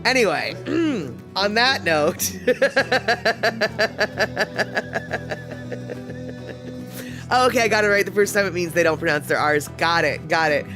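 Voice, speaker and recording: A woman's voice: lowish voice, animated, normal speed, over music. A woman hosting a live stream, chatting casually and rambling with lots of fillers. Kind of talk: casual chat.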